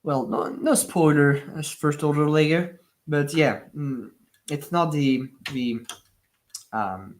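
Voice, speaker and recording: A man's voice: a little high, a bit bright. A young man, a native French speaker with a French accent, hosting a casual livestream and rambling with many fillers as he answers viewers. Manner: rambling, chatty, many fillers and repeated words. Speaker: livestream host building Lego.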